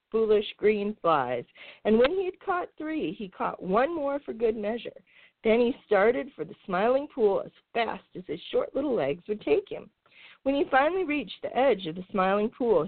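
A woman host reading a children's storybook aloud in an expressive, lilting way. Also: fairly high pitch, no room sound. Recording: tinny phone-like sound.

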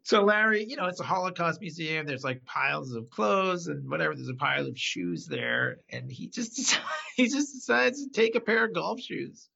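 Gravelly, lively man in rambling chat. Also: fairly high pitch, normal speed, few pauses. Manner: rambling, animated retelling with frequent laughter. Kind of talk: casual chat recapping an episode. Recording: slightly dull lo-fi sound.

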